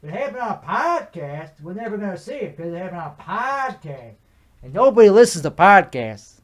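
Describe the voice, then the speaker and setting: A man's voice: sits high, sing-song, fairly quick. A young man with a put-on Chicago accent hosting a solo comedy podcast, ranting in a rambling, profane, mock-bravado way. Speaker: podcast host.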